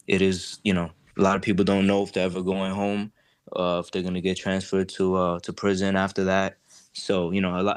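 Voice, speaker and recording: A young man, a client describing his case, recounts his stay in jail in a halting, conversational way full of fillers and restarts. His voice is low-pitched and smooth.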